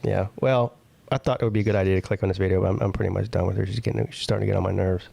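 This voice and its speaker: A man's voice: on the low side, steady tone, rapid-fire, gravelly, mellow. A man hosting a casual live-stream talk show, bantering loosely with his co-hosts and laughing often. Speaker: host.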